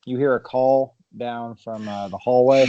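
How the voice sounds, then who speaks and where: A man narrates a tabletop horror game as its game master, his voice sitting at an ordinary middle pitch. He talks in halting stretches full of ums and little chuckles. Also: dull audio, background noise.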